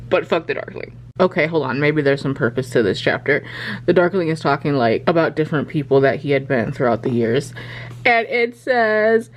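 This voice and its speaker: A woman's voice: a bass voice, a little fast, slight background noise, poor audio. A young woman vlogging to a handheld camera at home late at night, gushing and swearing about a book while tired. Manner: gushing, excitable, swears freely.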